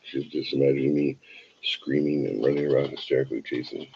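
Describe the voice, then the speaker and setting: A man's voice: extremely low pitch, steady tone, fairly quick, creaky, highs cut off, slight background noise. A tired man hosting a show, telling a rambling, wry, self-deprecating anecdote full of digressions. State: tired from an early start. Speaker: show host. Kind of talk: casual anecdote storytelling.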